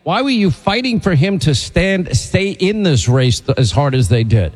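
A male talk-show host with a slightly high voice that swings widely in pitch. He tells stories and rants with indignant energy. A long reverb trails each word. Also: normal speed. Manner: animated, indignant storytelling. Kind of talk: casual talk-show chat and commentary.

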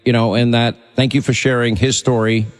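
A male talk radio host who speaks forcefully and urgently, piling up lists to rally listeners. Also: mid-range voice, flat delivery, a little fast, in a large hall.

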